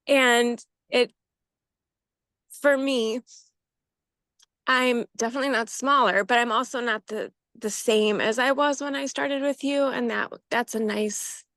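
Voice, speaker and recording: A woman, a coaching client, reflecting hesitantly in a group, with many pauses and fillers. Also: on the high side, fairly even intonation, a bit bright, no room sound, clean studio sound.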